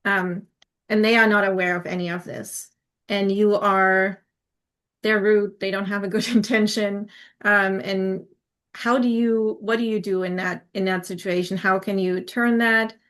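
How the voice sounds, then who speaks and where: A woman's voice: medium pitch, fairly even intonation, a little slow, a bit bright. Woman thinking aloud on a podcast. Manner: thinking aloud, searching for words with fillers. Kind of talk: casual podcast conversation.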